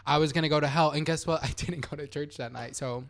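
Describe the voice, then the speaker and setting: Young guy podcast host, slightly high voice, animated storytelling, swears a lot, does voices for the people in his story. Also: fast, creaky. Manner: animated, swearing, acts out quotes. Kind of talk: casual storytelling chat.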